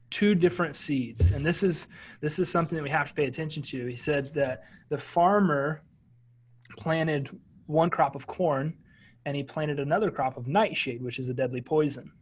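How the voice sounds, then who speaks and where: Earnest male guest, raised pitch, sincere and emphatic. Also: moderate pace, slightly rough. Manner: earnest, emphatic, repeats words. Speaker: entrepreneur guest. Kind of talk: interview answers.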